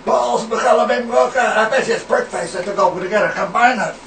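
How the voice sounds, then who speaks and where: Belligerent high-voiced man hurling insults. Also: fast talker, gravelly, fairly bright tone. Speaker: angry parent in a sketch. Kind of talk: improvised comedy sketch. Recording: echoey, distant, noisy amateur recording.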